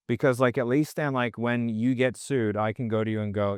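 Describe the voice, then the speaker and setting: A man's voice: medium pitch, brisk, hardly any pauses, clear, resonant tone, dry recording, clean studio sound. A man, guesting on a podcast, ranting bluntly and swearing a lot in casual conversation. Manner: blunt, profane, animated ranting.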